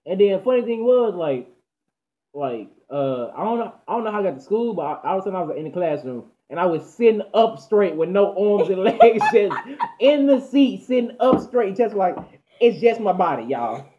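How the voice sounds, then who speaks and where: A teenage boy from Texas telling a story in animated, slangy chat, often stammering and repeating himself. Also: sits high, moderate pace, slight background noise. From Dallas, Texas. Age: teens. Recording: dull lo-fi audio.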